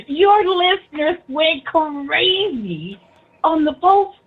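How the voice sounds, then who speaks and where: Brief: high-pitched, husky woman, animated teasing banter, dull lo-fi sound. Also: extremely slow. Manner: animated, teasing, laughs often. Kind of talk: casual teasing chat.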